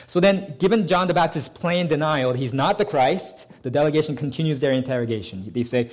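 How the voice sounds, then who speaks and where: A man's voice: on the high side, brisk, hardly any pauses. Man preaching a verse-by-verse sermon. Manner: explains a passage line by line, with restarts and "uh" fillers; reads scripture aloud, stressing key words. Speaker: pastor.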